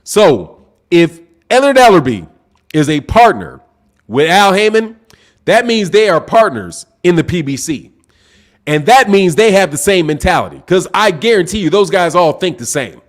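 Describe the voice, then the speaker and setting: Loud excitable high-voiced man projecting hard. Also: normal speed. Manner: loud, projecting, excitable, says bro a lot; reads super chats aloud. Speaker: boxing channel host. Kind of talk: live-stream boxing talk. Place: home live stream, sipping drinks.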